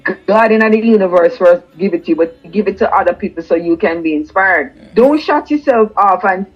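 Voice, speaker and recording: A woman's voice: mid-range voice, expressive, a little fast, slightly rough, muffled recording. A Jamaican woman, a singer-songwriter, talking earnestly and emphatically in a casual interview, often repeating words as she builds a point.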